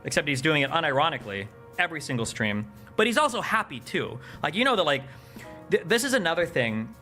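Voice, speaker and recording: A man's voice: fairly high pitch, sing-song, fast, bright, forceful tone, soft background music. A young man ranting in live-stream commentary, heated and profane, with lots of fillers as he reads and reacts to chat. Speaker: political streamer.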